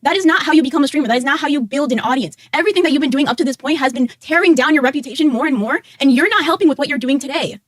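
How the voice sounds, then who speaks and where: A woman's voice: high voice, rapid-fire, hardly any pauses, no echo, studio quality. A woman co-hosting a live stream, bluntly scolding her co-host and swearing freely. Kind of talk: heated on-air confrontation.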